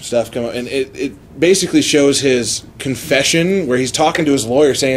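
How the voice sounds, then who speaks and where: A man's voice: medium pitch, normal speed, few pauses, a little hiss or hum. A man hosting a casual podcast chat, recounting a story with frequent laughter and acted-out quotes. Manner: animated retelling with acted quotes. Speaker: podcast host.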